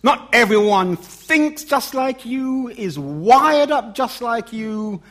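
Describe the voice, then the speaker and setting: A middle-aged man preaching a sermon, swinging from loud emphatic lines to low quiet asides. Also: animated, takes it slowly.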